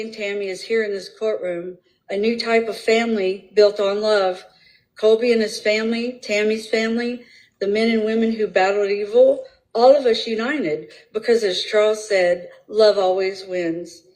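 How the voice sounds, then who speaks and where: A woman hosting a true crime livestream, reading courtroom statements aloud in a slow, firm, measured way. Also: medium pitch, darkish tone, rough recording.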